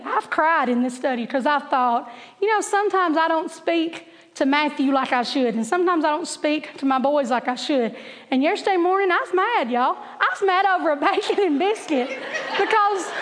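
A middle-aged woman, teaching a Bible class through chatty, animated stories with laughing asides. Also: very high-pitched, big-room sound. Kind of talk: storytelling Bible lesson.

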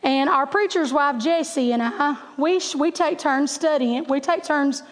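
A middle-aged woman, teaching a Bible class through chatty, animated stories with laughing asides. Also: sits high, unhurried, in a large hall. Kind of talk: storytelling Bible lesson.

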